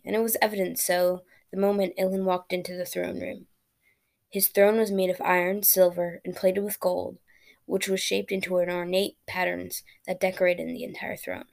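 A woman reading a fairy tale aloud as a storyteller, plain and steady, with small slips and restarts. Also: on the low side, creaky.

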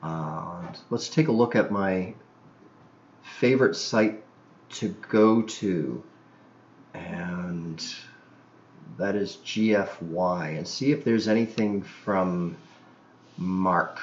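A man's voice: sits low, slow, pauses often, reverberant, highs cut off, a little hiss or hum. A man from Canada hosting a podcast, telling crude anecdotes in a rambling way, full of fillers and restarts. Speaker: podcast host. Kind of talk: casual podcast chat.

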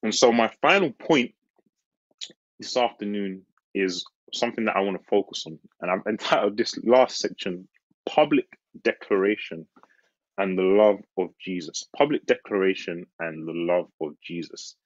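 A man delivers a sermon with a husky, slightly breathy tone and a lively, swinging pitch. He leans earnestly into his points, slowing down on key phrases. The recording is dry and a little dull. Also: dry recording. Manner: earnest, slows on key phrases, laughs and jumps high acting out the disciples. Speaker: preacher.

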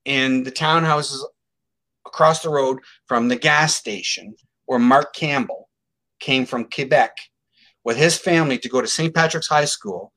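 This is a middle-aged male interview guest with a mid-range voice who speaks at a measured pace. Recounting a case story in a relaxed but emphatic manner, he gets animated and performs others' quotes himself.

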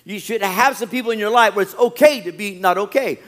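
A male pastor preaching a sermon, animated, often acting out quoted churchgoers. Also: sits high, fairly quick.

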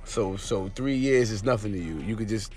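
A man's voice: fairly low pitch, moderate pace, crowd noise. A man hosting a casual interview, joking around in loose banter with lots of repeated words. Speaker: host.

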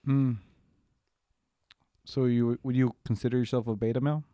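A man's voice: mid-range voice, little pitch movement, normal speed, mellow, dull audio. Guy with a mid-range voice, teasing and dry, casual podcast talk, no room echo. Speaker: podcast co-host. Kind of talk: casual chat.

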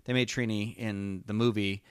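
Smooth-voiced man rambling in fan chat. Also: fairly low pitch, fairly even intonation, no echo, studio quality. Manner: rambling, halting, many restarts and fillers. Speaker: podcast co-host.

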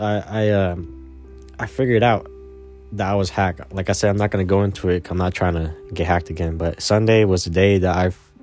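A young man telling a personal story in a rambling, casual way, repeating himself, swearing and often trailing off quietly. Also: fairly low pitch.

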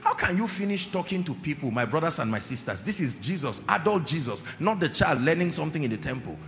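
Emphatic preacher in a reverberant hall. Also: male voice, a little high, big pitch swings, a bit bright. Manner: emphatic, drawn-out repetitions, asks the congregation questions. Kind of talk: sermon. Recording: reverberant hall with faint music.

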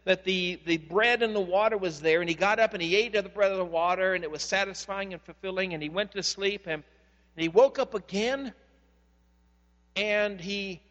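A high-voiced male pastor preaches a sermon, telling stories and swinging from loud, stressed phrases to hushed ones. His voice rings through a long hall reverb over a faint mains hum. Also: normal speed.

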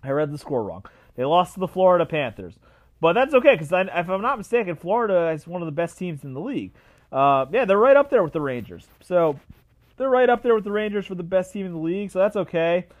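A young man hosting a solo sports podcast, ranting with animated repetition and frequent fillers. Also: sits high, fast talker. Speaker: podcast host.

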